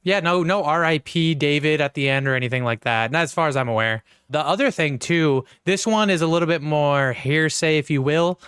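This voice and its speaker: A man's voice: on the high side, a little fast, few pauses, a bit bright, smooth, dry recording, studio quality. A man co-hosting a podcast, chatting casually and ranting heatedly with lots of swearing. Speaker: podcast co-host. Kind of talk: casual chat.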